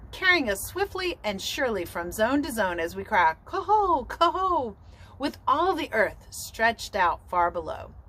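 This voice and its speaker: Woman doing a stately, long-winded father swan, solemn, lecturing, lively swings in pitch. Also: heavily acted, poor audio.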